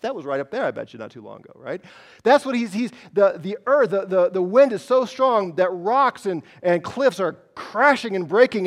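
A male pastor preaching a sermon, telling a story dramatically, swinging from loud to hushed. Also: high voice.

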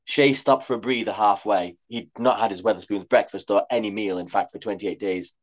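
A man's voice: fairly low pitch, fairly even intonation, brisk. A man reading his own comic story aloud with dry, wry asides. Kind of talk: comic scripted narration.

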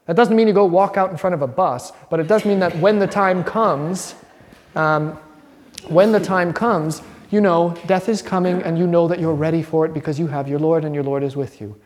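A man, a priest, giving an informal, lively sermon in a church and telling the stories animatedly. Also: fairly high pitch, normal speed, slight background noise. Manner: conversational, animated storytelling. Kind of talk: informal sermon and Bible study. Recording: long hall reverb.

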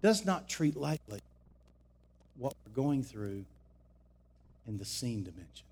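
A man preaching a sermon as pastor, shifting between shouted exhortation and quiet, close teaching. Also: medium pitch, sing-song, slow, slight background noise.

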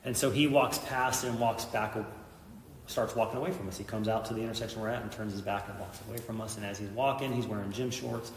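A man's voice: lowish voice, fairly even intonation, fast, roomy sound, long reverb tail, distant mic, slight background noise. A middle-aged man, a police officer and veteran, telling an intense story in an interview, acting out what people said. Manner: intense retelling, acts out quoted lines.

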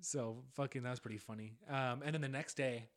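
A young man co-hosting a podcast tells a story in casual chat, animatedly acting out the voices of the people involved. His voice is medium-pitched and his pace is brisk.

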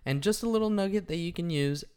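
A man's voice: high voice, fast, a little mellow, clear, resonant tone. A man co-hosting a business podcast, mostly chiming in with short, agreeable remarks. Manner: agreeable, brief encouraging replies. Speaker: podcast co-host. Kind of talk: casual podcast chat.

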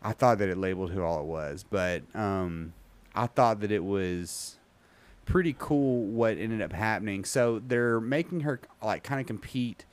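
A man hosting a casual podcast, rambling with many ums and reading an article aloud haltingly. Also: on the low side. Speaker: podcast host.

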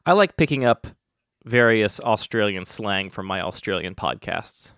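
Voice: sits low, normal speed, no echo. A podcast host chatting casually, teasing the co-host in a dry way. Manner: dry teasing, lively intonation. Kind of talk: casual chat.

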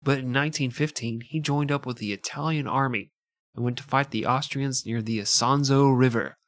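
Male podcast host, sarcastic, casual narration, mid-pitched, dry close mic. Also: steady tone, moderate pace, fairly bright tone, dry recording. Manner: sarcastic, jokey asides between narration. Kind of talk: casual comedic history podcast chat.

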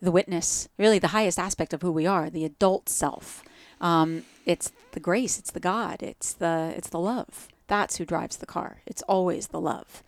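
A woman's voice: on the low side, fairly even intonation, moderate pace, hardly any pauses, no room sound. A woman with a New Jersey accent, a guest in a casual podcast conversation, speaking reflectively about spiritual growth. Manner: reflective, spiritual, talks in metaphors.

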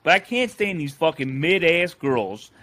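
A man's voice: fairly high pitch, sing-song, unhurried, pushed and bright. A young man co-hosting a podcast, ranting in a heated, profane way. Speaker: podcast co-host. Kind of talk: casual podcast rant.

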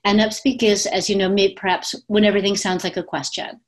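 A woman speaking coach talking casually to her camera at home, with lots of fillers and quick demonstrations of different voices. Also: mid-range voice, fairly even intonation. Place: at home with pets. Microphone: webcam.

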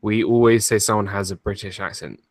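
A man's voice: fairly low pitch, fairly quick, dry recording. A man from the UK co-hosting a podcast, easygoing and amused as he tells stories. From United Kingdom. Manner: easygoing, reads chat questions aloud, amused storytelling. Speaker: podcast co-host. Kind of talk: casual chat.

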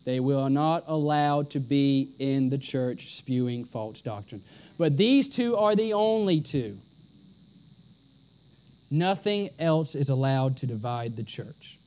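A man's voice: mid-range voice, expressive, takes it slowly, a little mellow, smooth. A man preaching a sermon with emphasis, often repeating a line for stress.

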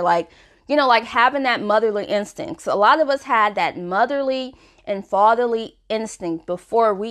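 A woman hosting a self-help podcast, talking frankly and casually with lots of "you know" fillers. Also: medium pitch. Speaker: podcast host.

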